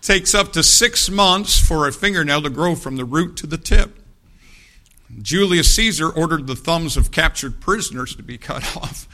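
Bright-voiced joking pastor. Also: male voice, a little high, lively intonation, normal speed. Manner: folksy, joking, conversational preaching. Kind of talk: sermon. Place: church sanctuary. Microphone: church microphone.

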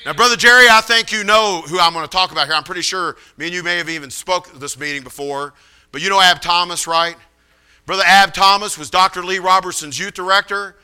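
A male preacher tells stories from the pulpit in an animated, folksy way. His voice is high and very bright. It rings smooth and clear. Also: a little fast. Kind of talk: storytelling sermon.

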